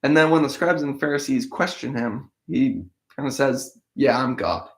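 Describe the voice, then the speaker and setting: A man's voice: medium pitch, moderate pace. A man who hosts a daily Bible-reading show, reading verses aloud and then explaining them conversationally while he thinks aloud, with restarts along the way. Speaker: Bible-in-a-year podcast host. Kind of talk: reading scripture aloud, then casual commentary.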